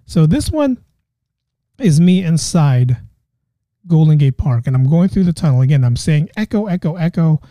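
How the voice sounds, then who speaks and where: A man's voice: on the high side, very animated, moderate pace, pauses often, dark tone, no echo, clean studio sound. A man hosting a podcast, talking casually and rambling with frequent restarts. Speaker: podcast host. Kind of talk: casual monologue.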